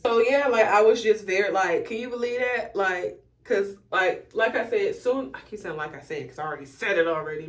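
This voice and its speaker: A woman's voice: fairly low pitch, slight background noise. A woman chatting candidly and profanely to her viewers while styling a wig, recorded on a phone camera. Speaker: beauty vlogger. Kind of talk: casual chit-chat while styling a wig.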